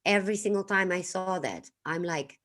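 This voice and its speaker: Low-voiced Dutch woman hosting a livestream. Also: fairly bright tone. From Netherlands. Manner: unhurried, reflective, stops to greet and thank chat viewers. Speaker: livestream host. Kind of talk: casual livestream talk.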